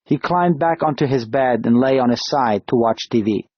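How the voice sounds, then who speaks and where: A man reading an audiobook in a calm, measured narration. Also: medium pitch, dry recording. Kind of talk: scripted narration. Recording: dull, dry lo-fi studio read.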